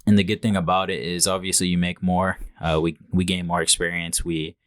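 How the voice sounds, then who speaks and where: A young man, a small business owner, guesting on a podcast and talking calmly with many filler words. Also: low voice, brisk, clear, resonant tone, dry recording, clean studio sound. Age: young adult. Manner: calm, plain-spoken, many ums and likes. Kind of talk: casual interview.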